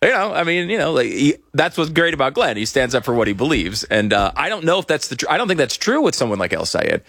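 A man's voice: mid-range voice, big pitch swings, quick pace, gravelly, fairly bright tone, no echo, clean studio sound. A man hosting a casual political podcast, rambling with frequent restarts and chuckles. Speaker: podcast host.

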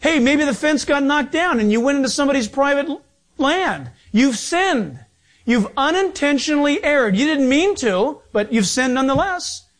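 A man preaching a sermon as pastor, emphatic and animated, with sudden shifts in pace. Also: extremely high pitch, moderate pace.

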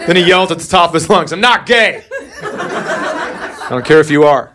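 A middle-aged man doing a stand-up routine, telling a story in a deadpan way with sudden exasperated outbursts. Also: on the high side, normal speed, a crowd in the background. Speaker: stand-up comedian. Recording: noisy live recording. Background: audience laughter.

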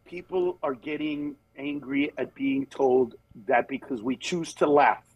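A man who works as a stand-up comedian, telling stories in a casual conversation. He acts out other people's voices and turns earnest and measured on serious topics. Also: mid-range voice, darkish tone, slightly rough, no room sound, dull audio.

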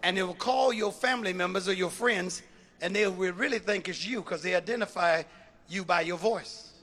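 A man preaching a fiery sermon as a bishop, shouting and repeating phrases rhythmically and calling out to the congregation. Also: sits high, normal speed. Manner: shouting, rhythmic repetition, call-and-response.

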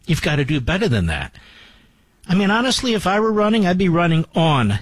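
A man's voice: high voice, big pitch swings, a little fast, breathy edge, dry recording. A man hosting a talk show, giving emphatic, incredulous political commentary.

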